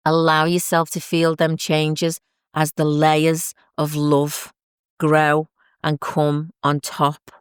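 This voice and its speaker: A woman, hosting a podcast and talking gently and heartfelt about grief, with soft asides. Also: low voice, clear, resonant tone, no echo, studio quality. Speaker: podcast host and psychic medium. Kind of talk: reflective spoken talk.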